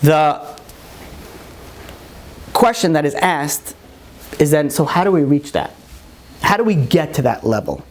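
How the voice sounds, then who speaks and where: A man, a rabbi, telling a long story in a sermon, animated and full of fillers. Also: on the high side, measured pace, pauses often.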